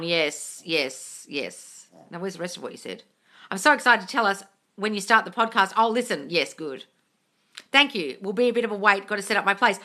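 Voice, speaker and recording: Bright, animated woman hosting a live Q&A. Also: mid-range voice, normal speed. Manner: swears freely, calls viewers darling; gushing bursts of excitement. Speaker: manifesting coach hosting a live Q&A. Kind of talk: casual live-stream chat, reading viewer comments.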